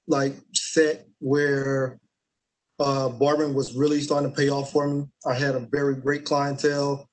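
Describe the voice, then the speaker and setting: A young man, an Army staff sergeant, answering interview questions in a relaxed way with many fillers and restarts. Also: on the high side, low-quality recording.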